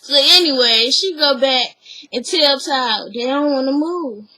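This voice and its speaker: A woman chatting through a casual episode recap, telling the story in a chatty way with drawn-out asides. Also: sits high, bright, forceful tone, a little hiss or hum, poor audio. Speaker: reality show recapper.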